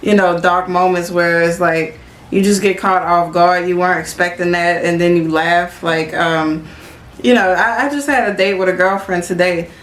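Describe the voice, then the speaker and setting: A woman's voice: fairly low pitch, steady tone, normal speed. A woman co-hosting a podcast in casual chat, telling stories full of fillers and retold quotes. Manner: chatty storyteller, many fillers and retold quotes. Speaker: podcast co-host. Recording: roomy echo.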